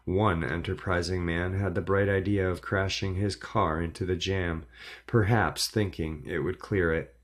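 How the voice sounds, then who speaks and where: A man reading a first-person horror story aloud in a measured, dramatic storytelling delivery. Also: low-pitched, fairly even intonation. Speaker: narrator.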